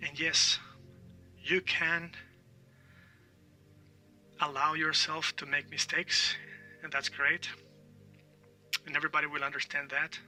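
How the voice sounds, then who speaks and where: A man teaches in a very bright, ringing voice that sits a little high for a man. He repeats words slowly to model their sound and keeps asking "all right?". He is set back from the mic, with faint music underneath. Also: far from the mic, poor audio. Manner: checks in often with "all right?". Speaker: language teacher. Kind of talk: online language lesson.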